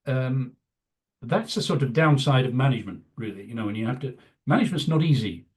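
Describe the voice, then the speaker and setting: A man's voice: medium pitch, a little mellow. A man in his seventies, a veteran news executive, telling rambling career anecdotes in a casual interview, full of "you know" fillers. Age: 70s.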